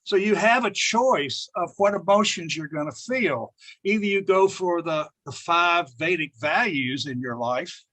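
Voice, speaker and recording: A man in his seventies gives an emphatic spiritual talk to an audience, repeating phrases and laughing often as he shares a personal story. His voice is high and sharp-toned, with lively intonation at a measured pace.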